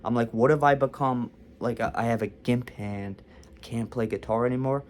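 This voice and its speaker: A man's voice: medium pitch, fairly even intonation, normal speed. A young man vlogging a casual storytime, talking candidly and confessionally about his own experience.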